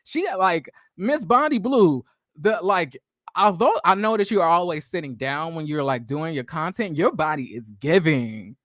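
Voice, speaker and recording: Male recap host, lightly raised pitch, dry close sound, slangy and chatty. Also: moderate pace, no echo. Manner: chatty, animated, drifts into asides to viewers; sassy, slangy, addresses viewers as y'all. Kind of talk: casual recap and commentary.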